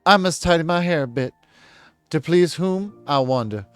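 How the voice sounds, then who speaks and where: A man's voice: a little high, animated, moderate pace, smooth, dry recording, faint music behind, voice pushed up, close to an everyday voice. A man voicing a vain, flustered young woman with a Southern US accent who frets over her hair in a breathless, fluttery way. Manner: breathless, fluttery, self-absorbed.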